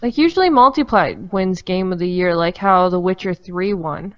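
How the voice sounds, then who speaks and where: A woman's voice: fairly low pitch, expressive, normal speed, no echo, dull audio. A woman hosting a casual group gaming chat, reading viewer questions aloud and laughing along. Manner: laughing, chatty.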